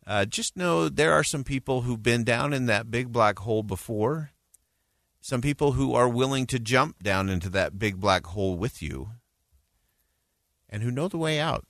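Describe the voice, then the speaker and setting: A man's voice: medium pitch, animated, normal speed, a bit bright, no echo. A male radio host giving an earnest, reflective closing commentary and telling a story in a studio.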